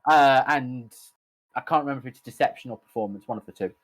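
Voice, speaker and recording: Man, mid-pitch, casual tabletop player. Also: fast. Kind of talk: casual tabletop game chat.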